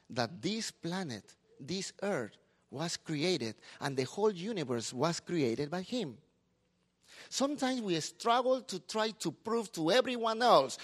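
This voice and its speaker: A middle-aged man, a pastor preaching a sermon in a lively, talkative way. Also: high voice.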